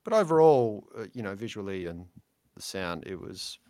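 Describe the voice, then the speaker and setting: A man in a casual film discussion, speaking in a relaxed, conversational way. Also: fairly low pitch, normal speed.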